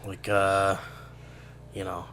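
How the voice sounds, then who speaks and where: A man's voice: low voice, completely flat delivery, slow, crowd noise. Rambling, swearing man in his thirties. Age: 30s. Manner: rambling, swears a lot, laughs often. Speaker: podcast host. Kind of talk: casual chat.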